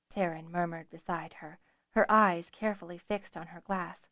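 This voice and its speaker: A woman narrating a fantasy audiobook in an even, measured storytelling voice. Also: on the low side, dry recording, clean studio sound.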